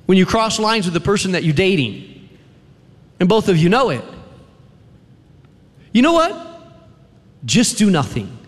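A man preaching a sermon in a chapel, emphatic, with repeated refrains and dramatic pauses. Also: sits high, very animated. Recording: long reverb of a large hall.

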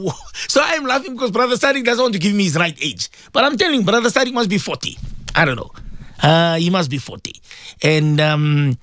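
A middle-aged man hosts a casual morning radio chat. His pitch sits a little high and swings a lot, and he talks loosely, with fillers and restarts. The sound is close and dry, with no room around it. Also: big pitch swings, brisk, no room sound. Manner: warm chatty, reads listener messages, many fillers and repeats. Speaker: radio presenter.

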